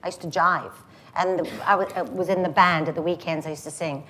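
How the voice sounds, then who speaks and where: A woman in her sixties with a Glaswegian accent, chatting as a guest and telling stories in a lively, anecdotal way. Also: lowish voice, a little fast, slight background noise. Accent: Scottish (Glaswegian). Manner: lively anecdotal storyteller who slips into voices. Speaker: guest, singer. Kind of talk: casual chat.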